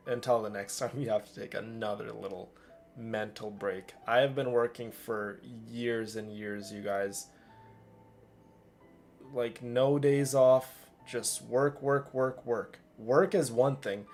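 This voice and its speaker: A man's voice: medium pitch, fairly even intonation, unhurried, darkish tone, soft background music. A man streaming, talking to his viewers in a heartfelt, stammering way, sounding worn out. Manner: stammering, heartfelt, repeats himself. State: tired. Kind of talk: emotional livestream chat with viewers.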